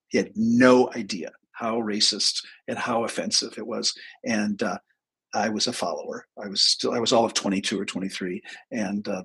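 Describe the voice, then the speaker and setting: Raspy-voiced man in his sixties telling a story. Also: fairly low pitch, a bit bright, rough recording. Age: 60s. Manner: rambling, candid, with frequent restarts and profanity. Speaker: host. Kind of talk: casual live-stream storytelling.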